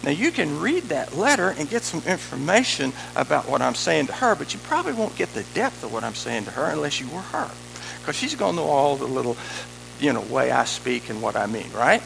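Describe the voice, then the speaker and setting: A man preaching a sermon in an animated, emphatic way, with conversational asides to his congregation. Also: fairly high pitch, brisk, gravelly, a little hiss or hum, rough recording.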